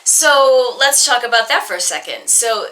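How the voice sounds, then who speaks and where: A woman's voice: fairly high pitch, animated, moderate pace, fairly bright tone. A woman from Boston teaching a recorded singing lesson, talking in a chatty, explanatory way with plenty of ums and restarts while keeping her accent neutral. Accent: neutral American, trying to hide a Boston accent. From Boston, northeastern United States.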